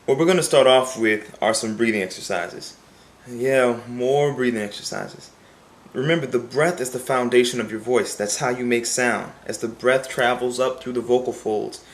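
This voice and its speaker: A man of middle pitch talks through a singing lesson. He explains with an earnest tone, repeats his key points for emphasis and breaks off into short sung demonstrations. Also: moderate pace. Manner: talks plainly and sings short demonstration phrases. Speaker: vocal coach.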